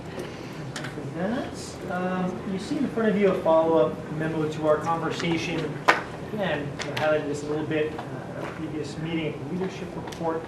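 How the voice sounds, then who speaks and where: A man's voice: a little high, normal speed. A man presenting as school superintendent at a public meeting, informal and upbeat, with many fillers. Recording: distant roomy mic, noisy.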